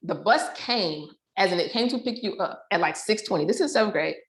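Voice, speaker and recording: A woman guest on a podcast, chatting casually and telling animated stories about her family. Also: mid-range voice, fairly quick. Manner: animated storyteller who acts out family quotes. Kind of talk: casual chat. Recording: roomy echo.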